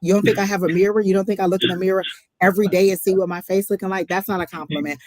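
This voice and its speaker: A woman's voice: mid-range voice, fairly even intonation, racing, no echo. A woman hosting a casual live-stream tarot reading, talking in a chatty, emphatic way and often repeating herself. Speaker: tarot reader host.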